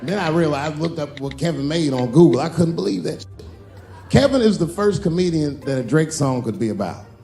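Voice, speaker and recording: A man, a stand-up comedian, telling a profane, animated story. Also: a little high, a little fast, faint music behind, a faint crowd.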